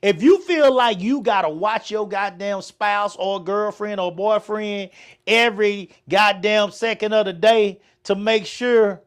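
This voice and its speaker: A man's voice: high-pitched, a little slow. A man co-hosting a podcast in casual chat, frank and profane with emphatic delivery. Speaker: podcast co-host.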